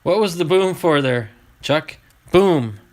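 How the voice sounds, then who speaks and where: A man opening packs of baseball cards on a live stream, chatting to viewers and getting excited over each find. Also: medium pitch, moderate pace. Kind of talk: live card-opening chat.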